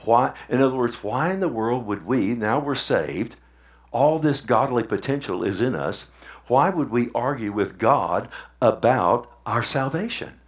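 A male pastor preaches in a mid-range voice, neither high nor low. He talks to his listeners directly, tossing them questions and repeating words to drive his points home. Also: lively intonation, unhurried. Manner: conversational, asks the audience questions, repeats for emphasis. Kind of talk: sermon.

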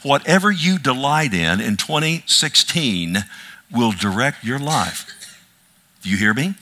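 A middle-aged male pastor delivering a sermon with a bright, forceful tone. He hammers key words again and again, then drops into joking asides to the congregation. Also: mid-range voice, measured pace. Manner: animated, repetitive emphasis with asides and self-deprecating humor.

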